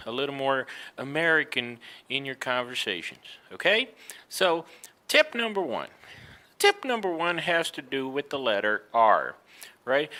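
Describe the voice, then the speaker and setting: A man teaching an English pronunciation lesson, speaking deliberately and over-emphasizing sounds to demonstrate them. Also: on the high side, pushed and bright, smooth.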